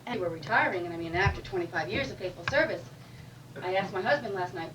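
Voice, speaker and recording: A woman's voice: lowish voice, quick pace. A woman telling a joke without a microphone at an informal live comedy night, laughing as she goes. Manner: lively joke delivery, laughing through it. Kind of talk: casual stand-up joke telling. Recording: no mic, distant, clear background noise.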